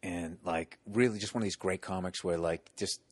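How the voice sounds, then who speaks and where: Low, breathy at the edges, and at a normal speed with no echo, this man tells stand-up stories casually. He's in his forties with a Boston accent, a profane, animated storyteller who acts out the characters, hecklers yelling included.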